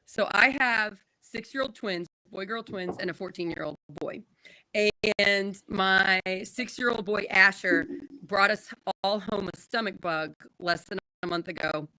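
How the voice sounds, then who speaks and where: A woman in her thirties telling an embarrassing personal story in a casual chat, animated and laughing often. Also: mid-range voice, measured pace, rough recording. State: recovering from surgery. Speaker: podcast co-host.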